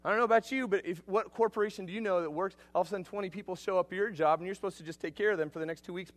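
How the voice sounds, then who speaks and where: Brief: male missionary preacher, fairly high voice, energetic sermon delivery with loud peaks and soft asides. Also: racing, few pauses. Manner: energetic, emphatic, swinging between loud bursts and quiet asides.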